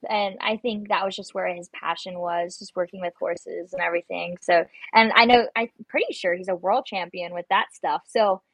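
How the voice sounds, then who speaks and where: A woman's voice: fairly low pitch, steady tone, moderate pace, hardly any pauses, no room sound, low-quality recording. A young adult woman, a guest on an interview show, telling stories in a chatty way and acting out her own panicked lines. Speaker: guest, competitive shooter. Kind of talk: casual interview chat.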